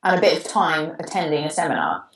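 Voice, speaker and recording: A woman's voice: low voice, sing-song, quick pace, roomy sound, rough recording. A Welsh woman co-hosting a podcast, chatting casually and reading out a listener's question, with a digressive manner. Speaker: podcast co-host.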